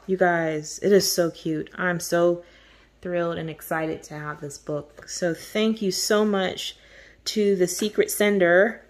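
Woman vlogger, lower-pitched, effusive and giggly, casual gift show-and-tell. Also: flat delivery, measured pace. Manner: gushing, effusive, laughs often. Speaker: host of a coloring channel. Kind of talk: casual chat showing birthday gifts.

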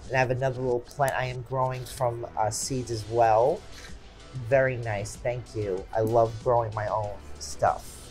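A woman's voice: a bass voice, fairly even intonation, moderate pace, darkish tone, faint music behind. A woman in her forties hosting a craft channel, chatting casually and exclaiming often as she unboxes gifts at home.

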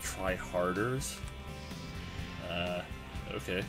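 A young gaming channel host commentates casually on his own gameplay in a low, very slow voice. He groans and swears in exasperation as his team gets beaten, with game music and keyboard typing behind him.

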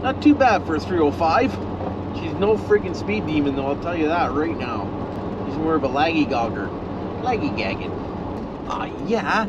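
A man's voice: a little high, very animated, normal speed, dull audio. Folksy man driving his truck. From Ontario, Canada. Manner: folksy, rambling, talks to passing animals. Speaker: vlogger. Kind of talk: casual driving commentary. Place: inside a moving old pickup truck. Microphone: camera mounted in the truck cab. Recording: loud engine and road noise in a truck cab. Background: engine and road noise.

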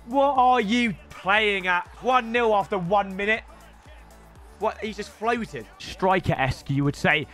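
A young man with a British accent giving excitable, shouty live commentary on his football game as a streamer, bantering with chat. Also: sits high, a little slow, faint music behind. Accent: British English. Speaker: gaming streamer.

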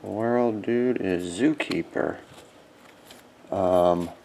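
A man's voice: on the low side, expressive, vocal fry, warm tone, a little hiss or hum. A man hosting a card break, yawning and sleepy with watery eyes, calling out card names casually. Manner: drowsy, yawning, reads card names in quick bursts.

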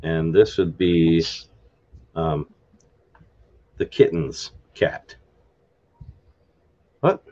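A man with a very low voice talks through word endings on a live stream, pausing, restarting and spelling words letter by letter. The audio is dull and lo-fi, with keyboard typing behind him. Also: dark tone. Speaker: live stream host explaining a constructed language. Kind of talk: unscripted casual explanation.

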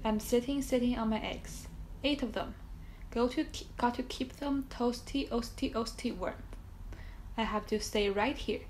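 A fussy mother goose clucks over her eggs in a storybook reading, put on by a woman. The voice is soft and breathy, almost whispered, tripping over repeated words. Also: fairly high pitch, unhurried, a little hiss or hum, close to an everyday voice, low-quality recording. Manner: fussy, stuttering repetitions.

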